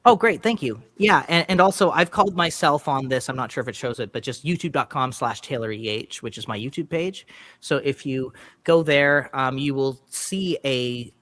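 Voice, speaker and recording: A man with a voice of middling pitch talks as a guest on a casual show. He rambles, restarts his sentences and laughs readily as he tells stories about his work in voice acting. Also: a bit bright. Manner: rambling, halting, laughs often. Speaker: guest voice actor. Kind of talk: casual chat. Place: home studio.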